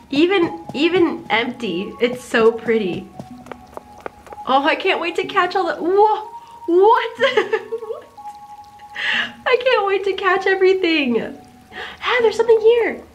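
Woman, high bright voice, excitable gameplay chatter, soft game music underneath. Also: takes it slowly, pauses often. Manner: excitable, gasping and giggling in delight. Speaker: game streamer. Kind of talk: casual gameplay commentary.

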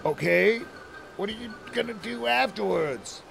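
Man, streamer, gameplay commentary, rambling, stammering, jokey, gravelly, high voice. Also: lively intonation, slow pace, a bit bright, a little hiss or hum. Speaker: streamer playing a game.

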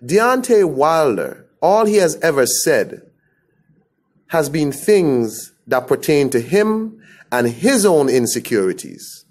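A man's voice: a little high, big pitch swings, slow, a little mellow, breathy edge. A man from the Caribbean giving a blunt, scornful opinion rant to camera. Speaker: commentator.

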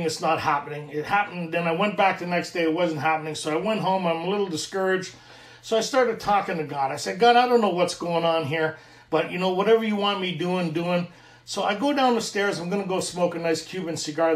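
Middle-aged canadian guy telling his recovery story, fairly high voice, kinda far off in an echoey room. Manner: earnest, animated storytelling with acted dialogue. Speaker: recovery meeting speaker. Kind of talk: sharing a personal recovery story.

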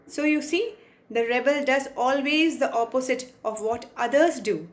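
A woman's voice: sits high, normal speed. A woman teacher with an Indian English accent, reading a poem to a class and explaining its words, sometimes acting out short quotes. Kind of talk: English poetry lesson.

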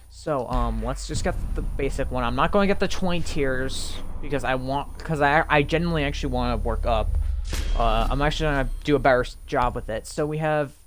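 A man's voice: medium pitch, slight background noise. A young man casually commenting on a video game as a YouTuber, rambling with many fillers and restarts. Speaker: gaming YouTuber and streamer.

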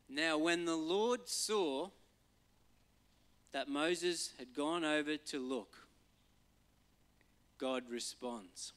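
A man, a pastor giving a relaxed, conversational sermon and acting out voices now and then. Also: a little high. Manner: conversational, acts out voices and quotes for humor.

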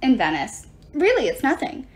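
Whiny dwarf thief, stammering, high-pitched, woman reader voicing, storybook. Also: wildly swooping pitch, normal speed. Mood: nervous. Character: whiny nervous male twin dwarf thief.

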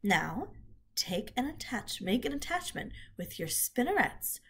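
Woman doing a calm clever lady spider, storybook read-aloud, lively up and down, little gravel. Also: on the high side, measured pace, heavily acted. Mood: patient. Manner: calm, explaining and coaching. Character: wise patient female spider.

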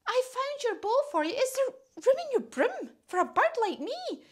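A woman's voice: very high-pitched, big pitch swings, moderate pace, voice pushed up. A woman voicing a polite little female bird in a children's storybook.

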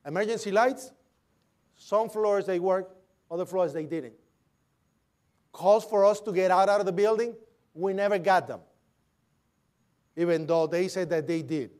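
A man's voice: high-pitched, measured pace, long pauses, a little mellow. A man giving an eyewitness account as vivid storytelling, imitating the sounds and voices he heard. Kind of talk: recounting a personal account.

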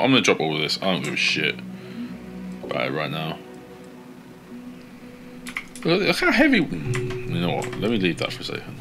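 A man casually commentating his video game play, swearing often and yelling at in-game companions. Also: low-pitched. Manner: swears a lot, shouts at teammates. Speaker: gaming streamer.

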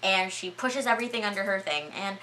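A young woman vlogger recapping a movie in a chatty, excitable way, full of filler words. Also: mid-range voice, a little fast, slight background noise.

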